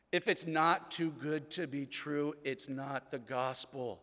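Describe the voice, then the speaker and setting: A middle-aged man preaching a sermon as pastor, telling the story earnestly and often dropping to a hushed tone. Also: medium pitch, animated, measured pace, long pauses, in a large hall.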